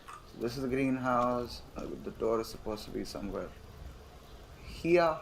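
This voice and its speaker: A young man in a casual let's-play, laid-back and profane as he reads quest notes and thinks aloud. His voice sits at a middle pitch. A faint hiss lies under the recording. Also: animated, moderate pace, gravelly. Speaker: gamer playing through a game.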